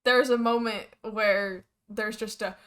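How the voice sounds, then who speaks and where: A woman narrating as game master of a tabletop game, lively and halting with fillers. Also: medium pitch, smooth.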